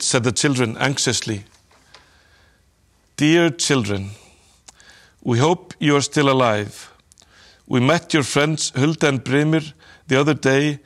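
A man reading a children's story aloud in a calm, measured way. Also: mid-range voice. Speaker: narrator.

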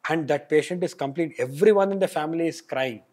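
Animated man telling doctor stories. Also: on the high side, quick pace. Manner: animated, laughs while telling anecdotes. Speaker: pulmonologist guest. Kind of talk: casual interview storytelling.

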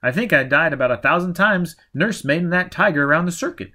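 A man reading an audiobook, voicing a nervous retired crook who talks in a gruff, blustering way. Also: fairly high pitch, expressive, fast, bright, forceful tone, pitched above the performer's own voice. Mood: weary.

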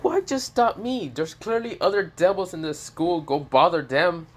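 A man's voice: medium pitch, expressive, moderate pace, a bit bright. A man doing a foul-mouthed cranky teen devil. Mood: angry. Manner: swearing, blunt and irritated.

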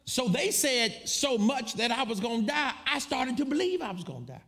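A man's voice: extremely high pitch, brisk, few pauses. A man preaching a storytelling sermon, acting out the people in his story as he goes. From United States. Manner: animated, acts out quoted voices.

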